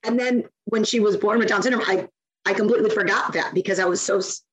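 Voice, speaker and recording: Animated woman telling stories. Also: medium pitch, fast talker, poor audio. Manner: animated storyteller, acts out quoted speech. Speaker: guest, nonprofit founder. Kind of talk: casual interview chat.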